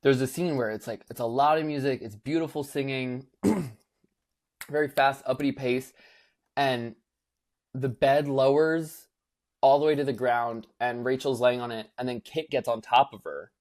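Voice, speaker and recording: A young man chatting on a podcast at a middle pitch, recounting events with animated energy. He jumps into little voices to act out what people said and fills his sentences with casual fillers. The talk is loose and conversational. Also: unhurried. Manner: animated storyteller, acts out quotes in voices, many fillers. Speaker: podcast co-host.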